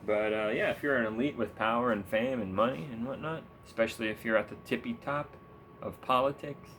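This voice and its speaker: A young man on a gaming stream, ranting about politics with heavy sarcasm and plenty of swearing. His pitch swings up and down as he rambles, with a faint rumble behind him. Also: brisk, fairly bright tone. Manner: sarcastic, profane, rambling, laughs often. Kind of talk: casual political rant while gaming.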